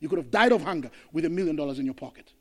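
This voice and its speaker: A man from Zimbabwe, a pastor preaching an impassioned sermon that swings between loud declarations and hushed passages. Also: on the high side, expressive, very fast, big-room sound.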